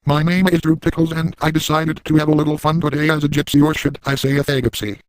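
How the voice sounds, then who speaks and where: A man's voice: fairly high pitch, little pitch movement, quick pace, no echo, natural voice, low-quality recording. A man voicing a sleazy, boastful middle-aged cartoon dad, narrating a crude story in the first person. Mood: smug.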